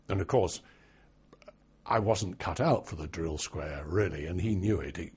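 Captured on a dull, lo-fi recording, an elderly man tells stories from his past for an oral history interview, taking his time and speaking with dry wit. He has a low, gravelly voice with a touch of huskiness.

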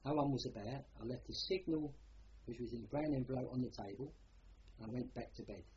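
A man's voice: mid-range voice, brisk, darkish tone, dull audio, a little hiss or hum. An older man with a Cockney accent, recalling his war service in a rambling, plain-spoken way, often adding "you know". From London. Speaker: war veteran interviewee. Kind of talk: oral history recollection.

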